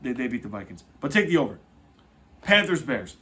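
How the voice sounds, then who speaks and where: A man's voice: medium pitch, fairly quick. A man hosting a football podcast, talking casually and correcting himself as he goes. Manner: lively, swings loud and soft, self-correcting. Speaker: podcast host. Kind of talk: casual sports podcast talk.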